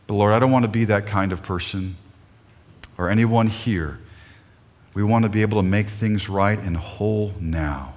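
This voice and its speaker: A man's voice: low voice, normal speed, long reverb tail. A middle-aged male pastor preaching a sermon in an earnest, emotional way, often putting questions to the congregation.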